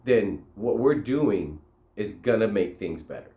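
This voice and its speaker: A man's voice: fairly low pitch, lively intonation, a little slow, warm tone. A guy doing an earnest young girl, trusting, echoey room. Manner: earnest, accepting. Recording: roomy echo.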